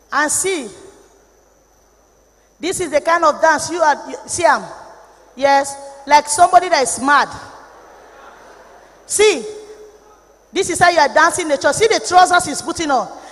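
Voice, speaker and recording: A Nigerian woman preaches with fierce passion, her voice sitting high as she drops into grave warnings and then rises into shouted rebukes. The sound rings with a long echo, as if she is in a large church hall. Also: lively intonation, a little slow, pauses often. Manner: impassioned, swings between low warnings and shouted rebukes. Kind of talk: sermon.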